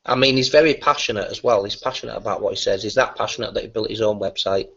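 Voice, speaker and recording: A man's voice: on the low side, fairly even intonation, fast, creaky, fairly bright tone, husky. Mocking man in voice chat. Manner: mocking, crude banter. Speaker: voice chat regular. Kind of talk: casual voice chat. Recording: dull lo-fi voice chat audio.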